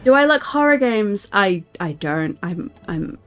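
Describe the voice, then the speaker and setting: A woman's voice: mid-range voice, sing-song, measured pace. A woman streamer chatting casually with her viewers, giggling often and answering their questions. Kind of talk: casual live-stream chat. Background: faint music.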